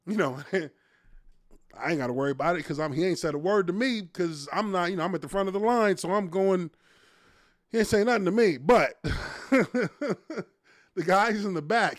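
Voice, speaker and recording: A man's voice: high-pitched, animated, moderate pace, dry recording, studio quality. A man in his thirties, a former offensive lineman, hosting a casual live stream and telling stories with a lot of profanity and laughter.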